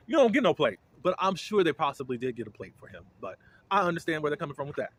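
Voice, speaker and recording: Man, somewhat high voice, chatty animated recap of reality TV, quick to laugh and judge. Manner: animated, opinionated, laughs often. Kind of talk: casual episode recap.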